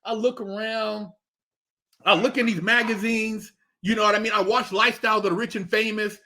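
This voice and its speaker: Middle-aged guy, really high voice for a man, swears constantly, acts out every quote. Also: a little fast. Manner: animated, emphatic, heavy swearing, acts out quotes. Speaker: podcast guest. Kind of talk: casual chat, storytelling.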